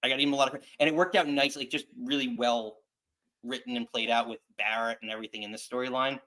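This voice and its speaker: A man hosting a casual wrestling chat show, talking in a rambling, halting way with frequent restarts. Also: mid-range voice, steady tone, bright, forceful tone. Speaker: podcast host.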